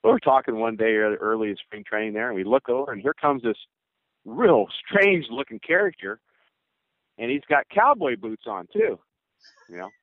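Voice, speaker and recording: A man's voice: medium pitch, animated, normal speed, no echo. An older man, a former ballplayer, telling rambling joking stories as a guest over a cell phone. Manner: rambling, joking, laughs through his stories. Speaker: former pro baseball player as guest. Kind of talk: casual storytelling interview. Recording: tinny phone line, dry.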